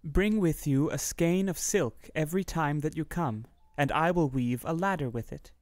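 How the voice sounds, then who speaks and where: A man reading a gentle, trusting young maiden. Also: fairly high pitch, moderate pace, no echo, close to an everyday voice. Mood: earnest.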